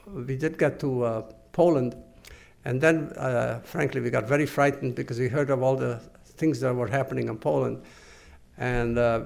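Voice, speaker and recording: An older man gives earnest, measured oral history testimony. His voice has a gravelly, creaky texture at a middling pitch. He speaks haltingly, pausing and restarting as he searches for words. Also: a little mellow. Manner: halting, full of pauses and restarts. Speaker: interviewee.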